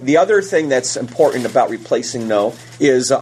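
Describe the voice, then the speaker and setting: Male podcast host, casual advice talk, mid-pitched, faint background hum. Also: animated, fairly quick, a little mellow. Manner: anecdotal, acts out quotes in raised voices.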